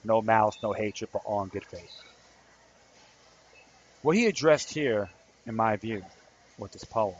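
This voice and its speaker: A man speaking as an activist podcast host rambles earnestly through a story in a casual monologue. He talks a little slowly in a lowish, breathy-edged voice and pauses often. Faint background noise and a slightly dull quality mark the recording.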